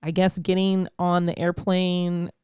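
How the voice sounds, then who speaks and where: A woman podcast host telling a story in a casual, animated way, laughing often and acting out the people she quotes. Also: fairly low pitch, unhurried, smooth, no echo, studio quality.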